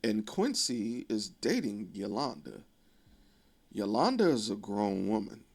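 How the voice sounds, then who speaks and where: Gravelly man casually recapping a film. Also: on the low side, wildly swooping pitch, unhurried. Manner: profane, conversational, wry asides. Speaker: video creator.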